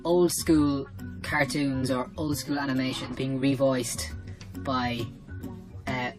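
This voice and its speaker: A man's voice: mid-range voice, level tone, slow pace, music in the background, rough recording. A man from Cork with an Irish accent, talking in a laid-back, jokey interview. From Ireland (Cork). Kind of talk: casual interview.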